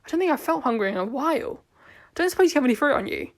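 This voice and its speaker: A blunt, rambling alien time traveller with no memory, voiced by a woman. The lines come out matter-of-fact and eccentric, pitched a little high, in a homemade audio story. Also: expressive, racing. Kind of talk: amateur audio drama reading.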